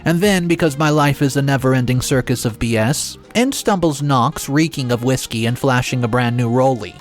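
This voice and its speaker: A man narrating a dramatic first-person story in a sarcastic, exasperated and animated way. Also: mid-range voice, moderate pace, faint music behind.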